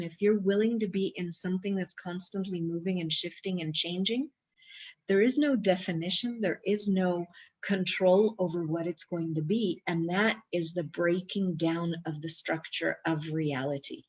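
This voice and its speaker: A woman teaching personal growth, reading from a workbook and adding casual, digressive commentary with fillers and quick asides. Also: fairly low pitch. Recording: dull lo-fi recording.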